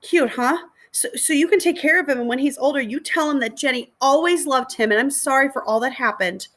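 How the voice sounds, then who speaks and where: A woman's voice: high voice, expressive, moderate pace, fairly bright tone, pitched above the performer's own voice. A woman reading aloud, voicing a frightened young girl who tearfully pleads for someone to take her puppy. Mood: tearful pleading.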